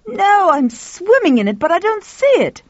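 A woman voicing a frustrated man who speaks in high, fretful exclamations. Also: animated, slow, a little mellow, no echo, lo-fi sound. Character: man upstairs, frustrated, high-voiced, exasperated.

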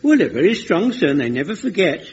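An actor playing an eager, rambling old lance corporal in a vintage radio comedy. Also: male voice, a little high, big pitch swings, fast talker, a little mellow, slight background noise. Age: older. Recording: dull vintage broadcast recording.

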